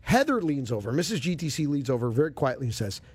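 Animated male radio golf host. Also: mid-range voice, fast, slightly rough, no room sound. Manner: animated, expressive storyteller. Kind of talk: casual storytelling chat.

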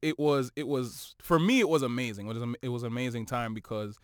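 A guest musician from Toronto, Canada chats casually in an interview, telling his stories in a relaxed, animated way and often adding "you know what I'm saying." His mid-range voice is smooth, clear, and brisk. The recording is dry and close, with no room sound.

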